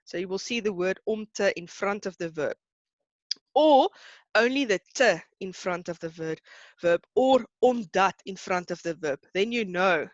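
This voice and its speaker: A woman's voice: mid-range voice, expressive, unhurried, no room sound, lo-fi sound. A woman teaching an online lesson, patient and encouraging, who laughs easily.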